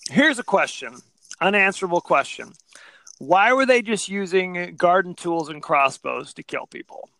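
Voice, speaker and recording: Guy cohosting a podcast, high bright voice, laughs a lot, animated. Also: normal speed, no echo. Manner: animated, laughing, retells scenes in quoted voices. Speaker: podcast co-host. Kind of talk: casual chat.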